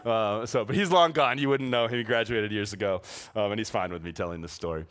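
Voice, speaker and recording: A young adult man speaking as a youth pastor, telling a story to students in an animated, casual way, full of "like" and laughing as he talks. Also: lowish voice, quick pace, clean tone. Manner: animated, filler-heavy, laughing through the telling.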